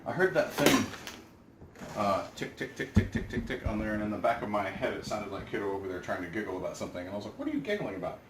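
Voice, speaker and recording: A man's voice: fairly low pitch, quick pace. A man hosting a casual cooking demonstration in a home kitchen. He talks the viewer through each step and keeps checking in with "right?". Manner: chatty, explains as he works, asks "right?". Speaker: cooking show host. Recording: echoey kitchen, mic far off, loud background noise.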